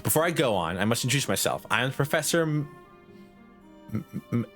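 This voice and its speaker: A man's voice: medium pitch, big pitch swings, brisk, fairly bright tone, soft background music. A man voicing a haughty woman professor who grades everyone, reading in a prim, lecturing Valley Girl lilt.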